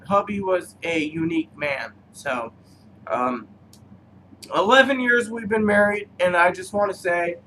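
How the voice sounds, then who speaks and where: A man with a high, sharp-edged voice tells meandering personal stories between cigar notes. He hesitates often, filling gaps with "um" and "so", and drifts from one anecdote to the next. A faint background hiss sits under his talk. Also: poor audio. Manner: meandering, halting, full of fillers. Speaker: cigar reviewer. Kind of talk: rambling personal storytelling.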